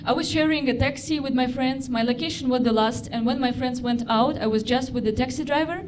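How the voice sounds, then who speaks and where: A young woman from Russia with a Russian accent, performing a deadpan stand-up routine in halting non-native phrasing. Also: high-pitched. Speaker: stand-up comedian. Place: comedy club stage. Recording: live club with audience noise.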